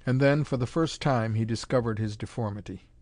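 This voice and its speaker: A man narrating a pulp adventure story in a dramatic, measured reading. His voice sits at an ordinary middle pitch. The recording is close and dry, with no room sound. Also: a little mellow, no echo.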